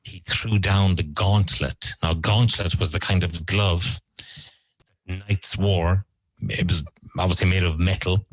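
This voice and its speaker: A man with a low voice teaches English vocabulary, repeating each word slowly and explaining how it's used. The recording is dry and rough.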